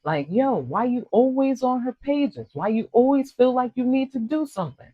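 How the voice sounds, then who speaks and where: A man with an American accent voicing a fed-up partner who yells, swears and nags. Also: very animated, moderate pace, no echo, narrow, tinny audio, heavily acted. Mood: furious. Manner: shrill, swearing, nagging.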